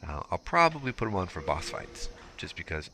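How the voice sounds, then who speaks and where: Deep-voiced young man narrating gameplay. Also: very animated, fairly quick, noisy background. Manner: casual, explanatory, with filler words. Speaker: gameplay commentator. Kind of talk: let's play walkthrough commentary.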